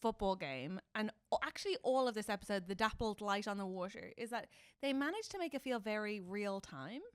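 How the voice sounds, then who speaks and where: A woman co-hosting a podcast in lively casual chat, bouncing between quick asides and acted-out lines from the show. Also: medium pitch, clean tone, dry recording, studio quality. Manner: animated, quick asides, acts out characters' lines. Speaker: podcast co-host.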